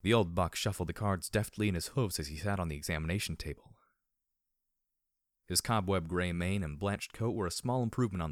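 A man reading a first-person story aloud, measured and wry. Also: low voice, no echo, clean studio sound. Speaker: audiobook reader.

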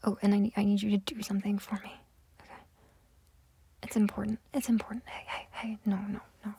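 A young woman in a whispered role-play, voicing a domineering, mocking character in a breathy close whisper that keeps repeating itself. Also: medium pitch, level tone, brisk, dark tone, slight background noise, lightly acted. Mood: coaxing.

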